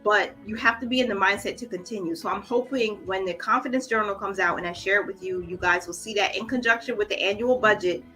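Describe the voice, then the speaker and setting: A woman hosting a budgeting livestream, chatting casually with viewers and greeting them by name. She is emotional and trying to hold back tears. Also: mid-range voice. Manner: warm, encouraging, reads viewer comments aloud. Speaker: budgeting channel host.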